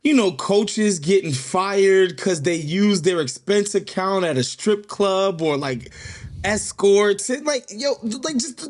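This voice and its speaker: A man guesting on a casual podcast, animated and slangy, leaning on "like" and "bro" as he talks. His voice sits high for a man.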